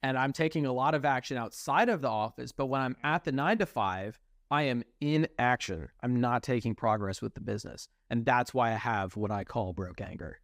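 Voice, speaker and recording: In a clean, dry studio recording, a young man with a mid-range voice talks fairly quickly. He's co-hosting a podcast, casually chatting and venting with animated, frequent swearing.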